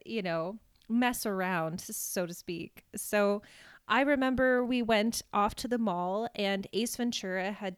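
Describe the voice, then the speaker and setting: A woman's voice: medium pitch, clean tone, no echo, clean studio sound. A young woman co-hosting a podcast, telling family stories in casual chat and laughing often. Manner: chatty, laughs often, animated retelling. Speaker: podcast co-host.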